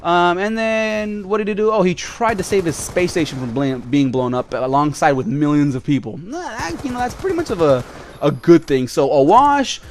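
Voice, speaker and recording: Male vlogger, fairly high voice, flippant and rambling, casual storytelling, faint hiss behind. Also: moderate pace, darkish tone. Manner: flippant, rambling, with frequent fillers and asides to viewers.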